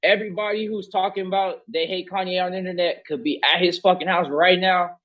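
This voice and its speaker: A man's voice: sits high, steady tone, fairly quick, muffled recording. A young man hosting a casual podcast chat, talking in long rambling runs full of slang and swearing. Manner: rambling, emphatic, heavy slang and profanity. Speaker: podcast host.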